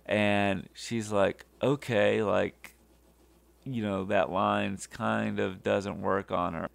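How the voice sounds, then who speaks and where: Man, low voice, slow, halting, filler-heavy, dry close sound. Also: level tone, gravelly, a bit bright, clean tone, no echo. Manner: halting, many fillers and restarts. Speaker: podcast host. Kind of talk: casual episode recap.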